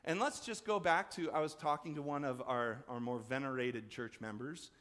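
A man preaching a sermon as pastor, conversational and animated, acting out voices in the story. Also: normal speed. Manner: conversational, acts out quoted voices with big swings in pitch and loudness. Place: church sanctuary. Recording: long church reverb.

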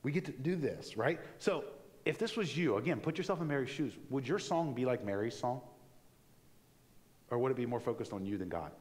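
A man preaching a sermon in a church in a conversational, animated way, acting out little asides as he goes. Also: medium pitch, a little fast, in a large hall. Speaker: pastor. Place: church sanctuary.

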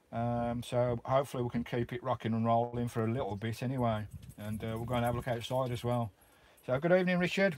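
A Welsh man from Wales, chatting casually on a live stream and greeting viewers as mate and bro from his camper van. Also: on the high side. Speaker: vlogger hosting a live stream. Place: inside his camper van in a remote valley.

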